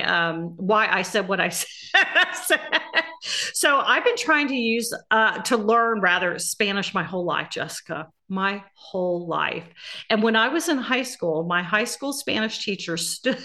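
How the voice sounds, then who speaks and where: A woman's voice: fairly high pitch, pushed and bright. A woman from the American South with a Southern accent, hosting a podcast in a chatty, rambling way with many fillers. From Southern US (Florida, Georgia). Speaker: podcast host. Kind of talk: casual interview chat.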